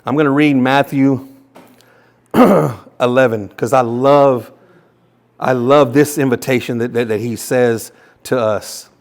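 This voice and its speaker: A man preaching a sermon as pastor, impassioned, often repeating words and restarting, and reading scripture very slowly and softly. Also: mid-range voice, fairly even intonation.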